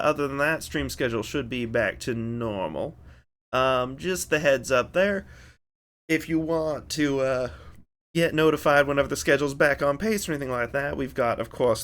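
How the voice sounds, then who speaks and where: A young man from the American South, streaming in a deliberately overdone Southern accent. He is worn out and rambles in a self-mocking way, full of folksy slang. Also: mid-range voice, a bit bright. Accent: Southern American, exaggerated on purpose. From Southern United States. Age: young adult. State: very tired. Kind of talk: casual stream chat.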